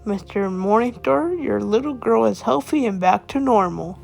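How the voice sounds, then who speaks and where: A woman playing a calm, matter-of-fact hospital doctor in a home-made storytelling. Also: mid-range voice, normal speed, gravelly, soft background music.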